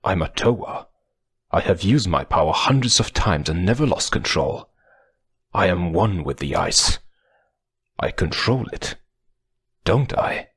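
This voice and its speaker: A man voicing a cool male ice hero in an audiobook, talking quietly to himself. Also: sits low, animated, measured pace, long pauses, slightly rough, exaggerated voice. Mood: uneasy. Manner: quiet, hushed self-talk.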